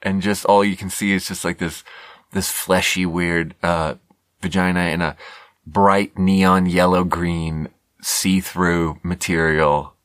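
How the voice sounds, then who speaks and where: Low-voiced man telling a rambling story. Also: level tone, fairly bright tone, dry recording, studio quality. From Sweden. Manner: rambling, self-deprecating, halting with fillers. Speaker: podcast host. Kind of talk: casual storytelling monologue.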